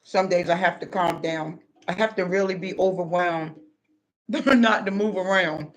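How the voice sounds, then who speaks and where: A man's voice: high-pitched, steady tone, a little slow. A tired man talking loosely to viewers on a livestream from his home, eating as he talks. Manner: chatty, loose, eats while talking. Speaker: livestream host. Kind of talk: casual livestream talk. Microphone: computer.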